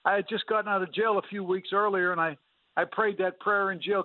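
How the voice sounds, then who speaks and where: A man's voice: high-pitched, fairly even intonation, a little fast, dry recording. A man earnestly telling his personal testimony as a guest in a radio interview, with fillers and restarts. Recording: dry, phone-like radio line.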